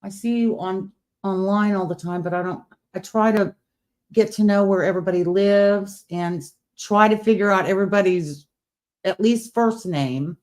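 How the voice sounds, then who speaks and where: A woman's voice: mid-range voice, normal speed, a little mellow. A woman hosting a casual late-night livestream, whispering at times and chatting with viewers, her speech a little impeded by new partial teeth. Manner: whispering, chatty, reading viewer comments aloud. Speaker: livestream host. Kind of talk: casual live-stream chat.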